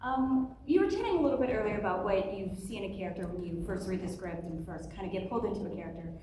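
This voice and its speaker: A woman's voice: medium pitch, lively intonation, fast, dark tone, slight background noise. A woman in the audience asking a convention panel guest a polite question, recorded from far back on a phone. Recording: echoey hall, phone from far off.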